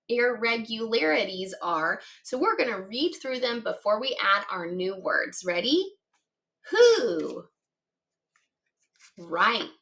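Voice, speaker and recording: Cheerful phonics teacher woman, slow-spoken. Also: fairly high pitch, pushed and bright. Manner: patient, encouraging, spells words slowly letter by letter; cheerful praise. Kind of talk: children's reading lesson.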